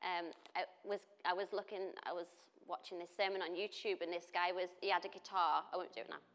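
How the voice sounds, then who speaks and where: A woman's voice: fairly low pitch, steady tone, fairly quick, a bit bright. A woman, preaching in a chatty, storytelling way with frequent laughter. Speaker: pastor. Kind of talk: casual sermon.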